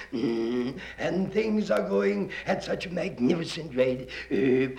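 A man voicing a pompous, rich male governor who mumbles and hems with "mm" and "uh". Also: medium pitch. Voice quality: mumbling, hemming with "mm" and "uh". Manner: slow, halting and smug. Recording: roomy echo.

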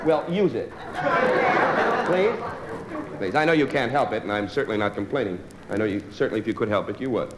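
A comedian does a live stand-up set, his wry, dry lines punctuated by hesitant fillers. He has a fairly low, animated voice, speaking briskly but with long pauses. A crowd is audible in the noisy stage recording.

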